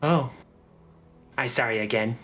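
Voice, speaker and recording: A man's voice: mid-range voice, a little hiss or hum. A man doing a timid little goblin girl. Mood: shy. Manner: halting, broken grammar, soft and shy.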